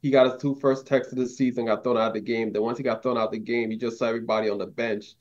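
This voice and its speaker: A man's voice: mid-range voice, fairly even intonation, racing, a little mellow. A man co-hosting a postgame show, telling amused stories in a casual chat. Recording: dull lo-fi mic.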